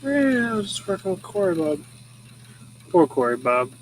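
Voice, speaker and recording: A man's voice: sits high, very animated, normal speed, a little hiss or hum, rough recording. A young man hosting a show, chatting casually and chuckling as he rambles through his old photos. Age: young adult. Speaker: host. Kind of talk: casual chat showing photos. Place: rural home.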